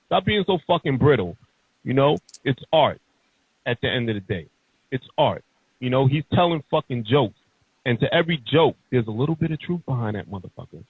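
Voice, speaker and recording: A man's voice: mid-range voice, big pitch swings, brisk, breathy edge, dry recording. A man hosting a podcast, ranting heatedly and emphatically in casual, profane talk. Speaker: podcast host. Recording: tinny phone-like sound.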